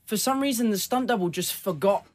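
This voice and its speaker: A young man with an English accent, chatting in an interview and telling animated, self-deprecating stories. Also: high voice, fairly quick. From England. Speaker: actor being interviewed. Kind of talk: casual interview chat.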